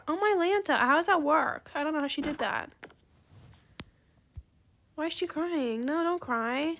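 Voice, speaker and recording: A woman giving casual gameplay commentary, excitable and gushing, then soft and apologetic when she turns down offers. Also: high voice, moderate pace. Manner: apologetic, soft-spoken when declining trades. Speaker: gaming video creator.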